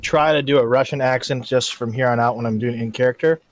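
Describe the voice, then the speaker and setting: A man playing in a tabletop game, matter-of-fact, with quick asides. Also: medium pitch, fairly even intonation, dry recording. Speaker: player. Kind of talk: casual tabletop play.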